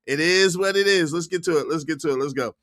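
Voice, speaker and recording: An excitable man hosting a reaction livestream, laughing and repeating himself as he talks to his chat. His voice is bright and forceful, and the sound is close and dry with no room around it. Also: on the high side, fast talker, dry recording. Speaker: livestream host.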